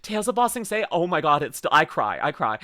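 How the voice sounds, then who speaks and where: A streamer giving a casual reaction commentary, rambling and excitable with lots of fillers and laughter. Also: medium pitch, fairly quick, no echo, clean studio sound. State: tearing up.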